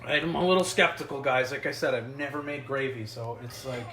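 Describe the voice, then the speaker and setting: An American cooking show host runs a casual home cooking vlog from his kitchen, chatting and joking with live chat while thinking aloud as he cooks. His medium-pitched, fairly bright voice is brisk; the recording is distant and echoey with slight hiss or hum, and he sometimes drifts off mic.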